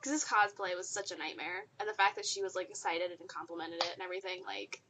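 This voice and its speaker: A woman's voice: fairly low pitch, fast, sharp tone. A young woman co-hosting a podcast, chatting casually with friends and telling a convention story with lots of laughter. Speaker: podcast co-host. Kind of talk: casual group chat.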